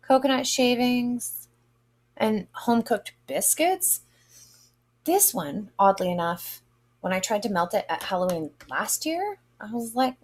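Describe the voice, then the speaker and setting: A woman vlogger giving a casual, chatty product review, lively and expressive with drawn-out exclamations. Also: a little high. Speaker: vlogger reviewing wax melts.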